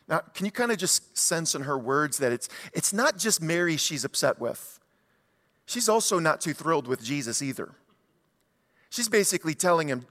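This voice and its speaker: A man preaching a sermon as a pastor, telling stories in an animated way and putting rhetorical questions to the congregation. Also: fairly high pitch, moderate pace, in a large hall.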